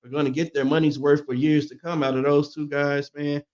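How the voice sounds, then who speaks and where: An easygoing man co-hosts sports talk, agreeing readily and adding his own takes. His voice sits a bit high, and the recording sounds dull and lo-fi. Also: level tone, fairly quick, darkish tone. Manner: easygoing, agreeable, chimes in with backing remarks.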